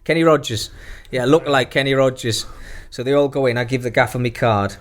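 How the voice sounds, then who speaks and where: Middle-aged man, ex-pro footballer guest, rowdy anecdotal storyteller, lots of swearing and laughter, average pitch. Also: brisk. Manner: profane, laughing anecdote-teller. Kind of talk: casual storytelling.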